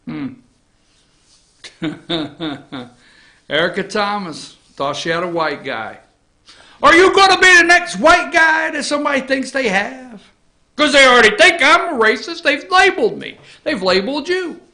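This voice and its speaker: A man's voice: very high-pitched, expressive, a little slow, sharp tone. A man hosting an opinion talk show from an office, blunt and sarcastic with rambling asides. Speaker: host. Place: office studio.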